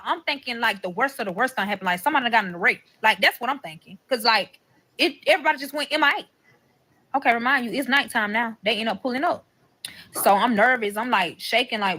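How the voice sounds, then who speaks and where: A woman spins a personal story time with a bright, forward tone pitched a little above the usual. She swears freely and animatedly acts out each line of the quoted talk. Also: a little fast. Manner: animated, profane, dramatic quoting.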